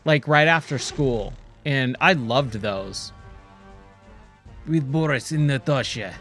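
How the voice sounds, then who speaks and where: Excitable man rambling over gameplay. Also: medium pitch, slow pace, faint music behind. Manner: rambling, nostalgic, excitable, says "dude" a lot. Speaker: streamer. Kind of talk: casual gameplay commentary. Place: home, playing a VR game.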